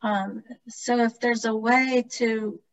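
A soft-spoken woman priest, sharing reflections hesitantly in a video call discussion. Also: a little high, steady tone, takes it slowly, dull audio.

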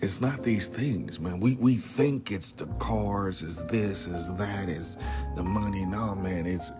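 A man with a very low voice talks slowly and earnestly in an informal devotional message. He often sinks to a whisper on key words and keeps a casual tone, calling listeners "man". Clear music plays under him. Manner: casual, repeatedly says "man". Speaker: Christian speaker.

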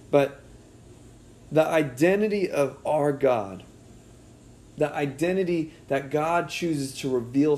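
A man preaching a heartfelt sermon, earnest and emotional, often dropping soft and low when he is moved. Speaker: pastor.

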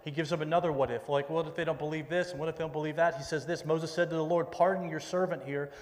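A man's voice: fairly high pitch, fairly even intonation, rapid-fire. A middle-aged man preaching a sermon as a pastor, talking conversationally, repeating himself, and dropping folksy asides. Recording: long reverb in a large hall.

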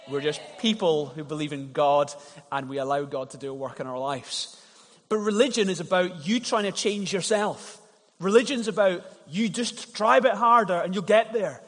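A man preaching a sermon as pastor, telling stories in a conversational way and often repeating words as he starts a thought. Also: a little high. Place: church hall. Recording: long reverb of a church hall.

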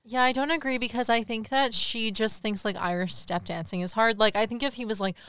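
A woman's voice: a little high, steady tone, fairly quick, fairly bright tone, clean tone, no echo, studio quality. A woman co-hosting a podcast, retelling a movie plot in casual chat and voicing the characters' lines. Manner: storytelling with quoted dialogue in a mock voice. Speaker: podcast co-host.

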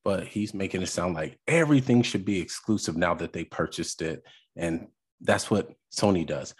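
A man hosting a podcast, reacting to a video in casual commentary, exasperated and halting with fillers. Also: low-pitched, slightly rough.

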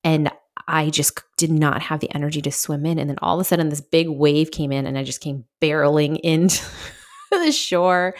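Woman, low voice, middle-aged, podcast host, candid chatty storytelling, frequent fillers. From Southern California.

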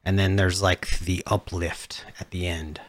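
A man's voice: sits low, level tone, unhurried, no echo. A man talking casually as a podcast co-host, explaining with many restarts and hedges. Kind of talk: casual chat.

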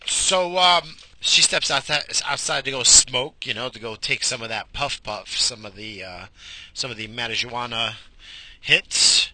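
A man's voice: mid-range voice, measured pace, sharp tone. Profane, rambling man ranting from a car. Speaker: podcast host. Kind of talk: casual storytelling monologue. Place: in a car while driving.

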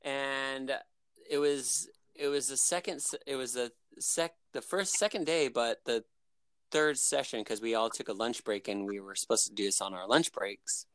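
A man's voice: mid-range voice, moderate pace, fairly bright tone, clear, resonant tone, no echo. Man rambling through a personal story. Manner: rambling, frequent fillers and restarts. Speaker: guest.

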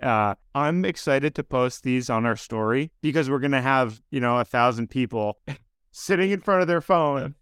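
A man's voice: medium pitch, lively intonation, moderate pace, fairly bright tone, clean tone, no room sound, studio quality. Laughing, scattered man hosting a podcast. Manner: scattered, self-interrupting, laughs often. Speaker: podcast host. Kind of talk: casual podcast chat. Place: on camera on a video podcast.

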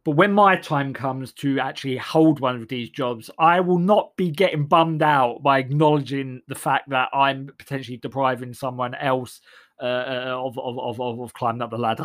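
A man's voice: medium pitch, fairly even intonation, normal speed, fairly bright tone. A man delivers a sardonic, rambling comic monologue full of restarts.

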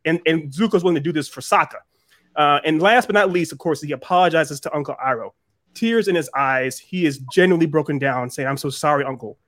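A man's voice: fairly high pitch, a little fast, fairly bright tone, dry recording, studio quality. A man arguing his side in a heated casual debate, incredulous and repeating himself when fired up.

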